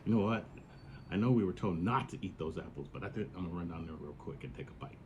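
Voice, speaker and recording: An impulsive young Eve, as a man puts her on, chatting in loose slang and rushing ahead. Eager and excitable. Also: low voice, lo-fi sound, noisy background, voice pushed down. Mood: tempted.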